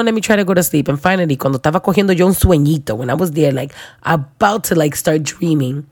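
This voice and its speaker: Young woman, low-pitched, dry close sound, animated storyteller who voices everyone in the tale. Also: dry recording. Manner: animated, acts out other people's voices, slangy. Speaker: new mother. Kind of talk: casual storytelling.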